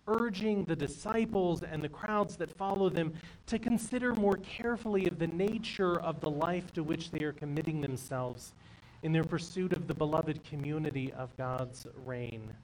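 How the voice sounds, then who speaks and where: A pastor in the pulpit delivers an earnest sermon, his voice slightly raised in pitch. He sits a little back from the microphone in what sounds like a church sanctuary. A faint hiss of background noise runs underneath. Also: far from the mic, poor audio. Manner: earnest storytelling preaching.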